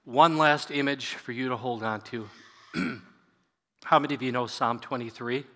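Bright-voiced pastor in an echoey hall. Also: male voice, mid-range voice, normal speed. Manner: conversational, leads congregation in prayer. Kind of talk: sermon. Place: church sanctuary.

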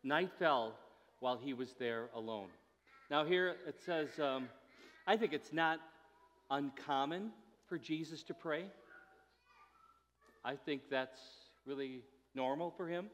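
A man's voice: fairly high pitch, takes it slowly, long pauses, fairly bright tone. A man giving a conversational sermon as a pastor, his delivery rising to emphatic moments. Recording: long hall reverb.

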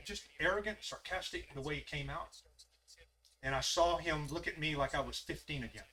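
A man's voice: fairly high pitch, normal speed, pushed and bright. A man leading a Bible study in a folksy way, asking the group questions. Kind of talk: conversational Bible study teaching.

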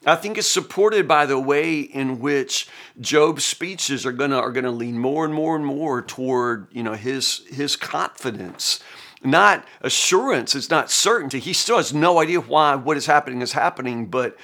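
A man's voice: medium pitch, moderate pace, pushed and bright. A middle-aged man hosting a Bible reading podcast, giving casual spoken commentary while thinking aloud, with frequent restarts and "you know".

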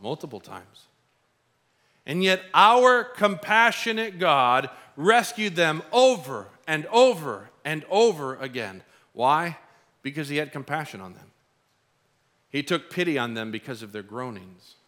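A man's voice: fairly high pitch, unhurried. A middle-aged man preaching a sermon as pastor, telling stories and acting out quoted voices. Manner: animated storytelling, acts out quoted voices.

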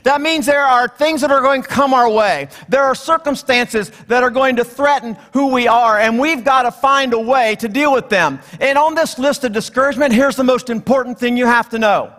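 High-voiced man preaching in a reverberant hall. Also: normal speed, few pauses, a bit bright. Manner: storytelling with jokes, acting out characters. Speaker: guest preacher. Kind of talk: sermon. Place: church.

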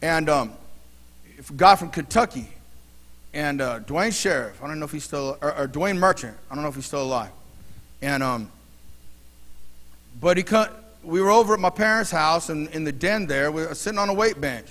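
Male pastor, high voice, casual storytelling sermon, long church reverb. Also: expressive, moderate pace, pauses often, fairly bright tone. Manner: conversational preaching with personal stories, fillers and restarts. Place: church sanctuary.

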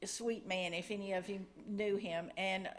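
A woman's voice: medium pitch, fairly even intonation, measured pace. A middle-aged woman giving a testimony and a missions update in church, earnest and chatty, a little nervous.

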